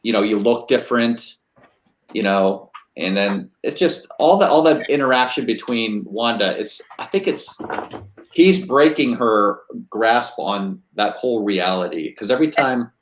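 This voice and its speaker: A man's voice: fairly low pitch, animated, measured pace, echoey room, slight background noise, low-quality recording. A man hosting a casual group chat, thinking aloud in long rambling sentences.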